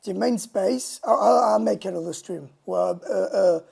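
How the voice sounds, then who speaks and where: A man streaming a casual monologue, talking in a halting, indignant way from a home mic setup. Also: high-pitched, creaky, a little mellow, breathy edge. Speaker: livestreamer.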